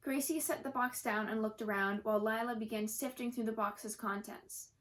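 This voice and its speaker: Woman storyteller, gentle read-aloud for kids, slightly high voice. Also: steady tone, moderate pace, poor audio. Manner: gentle, occasional slips and self-corrections.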